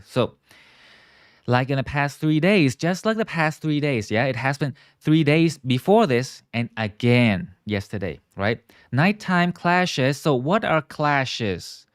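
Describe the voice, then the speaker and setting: A man teaching English in a live online lesson, explaining words slowly, stretching key terms and often checking in with viewers. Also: mid-range voice, dry recording, clean studio sound. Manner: models pronunciation and asks viewers to repeat.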